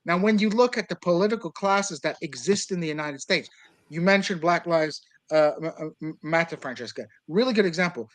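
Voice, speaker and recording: A man of Kurdish background argues politics in long, winding stretches, full of fillers and restarts. His voice sits a little high for a man. The sound is dry and close, with no room around it. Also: lively intonation, a little fast, a bit bright, no echo, low-quality recording. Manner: discursive, argumentative, many fillers. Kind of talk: casual political discussion.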